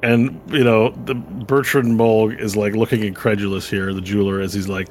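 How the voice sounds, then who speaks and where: A man's voice: lowish voice, level tone, normal speed, few pauses. A man running a tabletop game as game master, narrating loosely with fillers. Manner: rambling with fillers and laughs.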